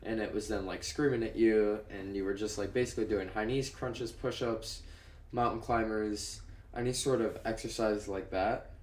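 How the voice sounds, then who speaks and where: Laid-back young man, deep and echoey. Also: fairly even intonation, normal speed, a little mellow. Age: young adult. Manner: laid-back, casual swearing, rambling explanations. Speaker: newly graduated Marine reacting to clips. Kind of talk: casual reaction commentary.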